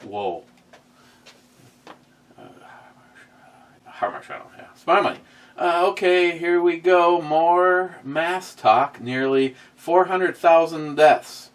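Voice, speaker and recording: A man's voice: fairly high pitch, animated, slow, long pauses, recorded from a distance. A man hosting a casual livestream, reading viewer comments aloud with sarcastic, rambling asides and many fillers. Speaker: host reading live chat.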